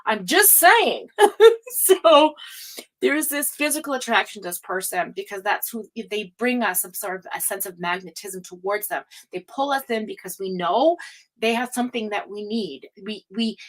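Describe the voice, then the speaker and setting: A woman's voice: mid-range voice, lively intonation, normal speed, fairly bright tone, low-quality recording. A woman giving a casual, rambling tarot reading, full of fillers and asides. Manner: chatty, rambling, frequent fillers and laughs. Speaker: tarot reader.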